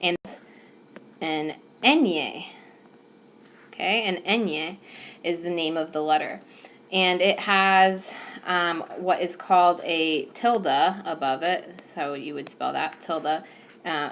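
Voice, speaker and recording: A woman's voice: on the low side, a bit bright, a little hiss or hum. A woman teacher explaining a recorded whiteboard lesson patiently, with some fillers. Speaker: Spanish teacher. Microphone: tablet microphone.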